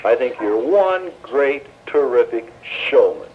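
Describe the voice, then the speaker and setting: A man's voice: mid-range voice, lively intonation, slow pace. A man hosting a live call-in radio show, jovial and soothing with his guests. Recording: tinny 1970s radio broadcast with faint hiss.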